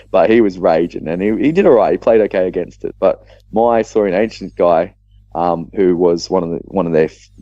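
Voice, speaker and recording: An Australian man, co-host of a podcast, recounting a tabletop match in casual chat with animated storytelling and quick restarts. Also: deep voice, no room sound, lo-fi sound.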